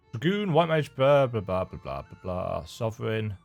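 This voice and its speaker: A man's voice: fairly low pitch, sing-song, moderate pace, creaky. A man casually commenting while he plays a video game, musing aloud, humming to himself and poking fun at himself. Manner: musing, self-deprecating, hums to himself. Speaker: game streamer. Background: faint game music.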